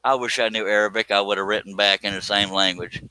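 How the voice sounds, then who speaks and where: A man's voice: fairly low pitch, fairly even intonation, fast talker, pushed and bright, clear, resonant tone, poor audio. A middle-aged man hosting a livestream, chatting casually and laughing often. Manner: laughs often, rereads a chat message in a mock-threatening voice. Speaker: livestream host. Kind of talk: casual chat.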